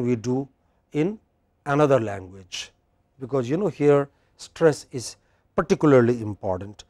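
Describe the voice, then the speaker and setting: A man with an Indian English accent teaching a university class, speaking slowly and emphatically and quizzing his students. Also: medium pitch, lively intonation, darkish tone, no room sound, studio quality. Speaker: lecturer. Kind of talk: classroom lecture.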